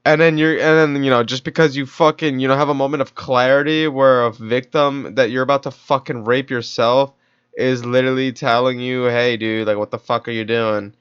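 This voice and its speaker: A man's voice: medium pitch, fairly even intonation, normal speed, a bit bright, clean tone. A young man reacting to a video in casual commentary, heated and profane, full of slang. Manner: heated, profane, slangy, keeps saying dude and bro. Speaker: streamer reacting to a true-crime video. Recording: dull lo-fi audio.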